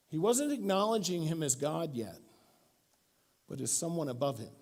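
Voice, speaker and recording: A middle-aged man delivers a sermon in church. His voice sits somewhat high for a man, and he talks in a casual, storytelling way, acting out the lines he quotes. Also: moderate pace, pauses often. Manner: storytelling, animated, acts out quotes. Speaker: pastor.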